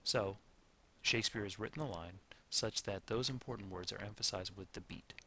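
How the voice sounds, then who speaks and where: A man giving a lecture, speaking deliberately and slowing down to stress syllables aloud, often stopping to correct himself. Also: fairly low pitch, vocal fry, sharp tone, slight background noise. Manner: pauses and corrects himself mid-sentence. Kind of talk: classroom lecture.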